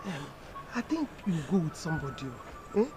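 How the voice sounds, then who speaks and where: A motherly Nigerian figure begs a young woman to stop crying. Her pitch swings widely as she pleads and comforts. Music sits clearly in the background. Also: sing-song, a little fast. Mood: pleading. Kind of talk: Nollywood film acting.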